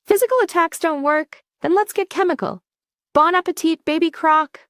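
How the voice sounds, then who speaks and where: A woman's voice: very high voice, normal speed, fairly bright tone, no room sound, studio quality, voice pushed up. A woman voicing a cocky young male villain who mocks his foes with sarcastic, teasing lines. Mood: smug.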